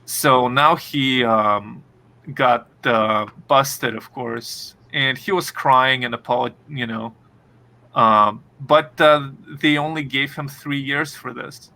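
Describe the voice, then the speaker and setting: A man's voice: mid-range voice, steady tone, slow pace, bright, forceful tone. A man co-hosting a podcast, chatting casually with many fillers and restarts. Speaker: podcast co-host. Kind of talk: casual chat.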